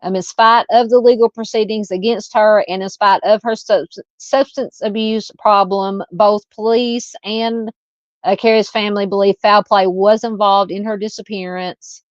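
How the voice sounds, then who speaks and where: A woman's voice: medium pitch, steady tone, moderate pace, dry recording. A woman with a Southern US accent hosting a true crime livestream, chatting casually with many ums and uhs while reading viewer comments. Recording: dull lo-fi dry home mic.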